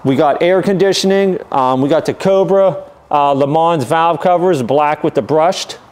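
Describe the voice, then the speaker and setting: Speaking at normal speed, this man has a slightly high, somewhat mellow voice and a clean tone. As a car dealer presenter, he strolls a camera around a classic car that's for sale, describing it methodically and easily, with lots of "um" and "uh" fillers.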